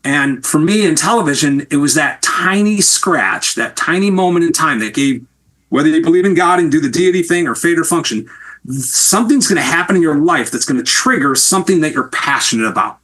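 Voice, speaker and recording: Animated storytelling man, bright voice. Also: on the high side, a little fast. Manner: animated, candid, swears freely. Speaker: TV producer and guest. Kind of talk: storytelling interview answer.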